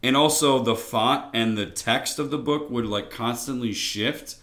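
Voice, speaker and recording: A man's voice: mid-range voice, a little slow, a bit bright. A man co-hosting a casual beer-tasting podcast, telling earnest, rambling stories with lots of filler words. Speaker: podcast co-host. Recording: roomy, echoey room sound.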